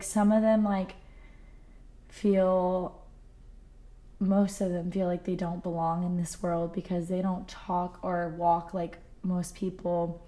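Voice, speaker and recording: Young woman singer as podcast guest, earnest and heartfelt, filler-heavy chat, a touch low-pitched. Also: mellow.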